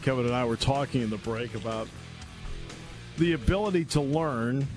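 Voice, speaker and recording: A man hosting a radio talk show from a studio, telling a story in a casual, animated way and laughing along. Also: medium pitch, moderate pace, faint music behind. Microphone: studio microphone.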